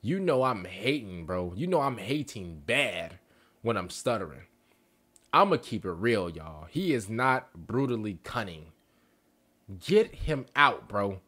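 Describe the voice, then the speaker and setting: A young man reacting to a video in casual commentary, excitable and slangy, stuttering and mock-outraged. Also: lowish voice, a little slow. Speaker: reaction streamer.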